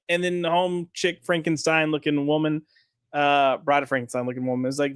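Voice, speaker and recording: A man's voice: on the high side, level tone, moderate pace, clear, resonant tone, no echo, clean studio sound. A man co-hosting a casual comic review chat, sarcastic and mocking as he talks.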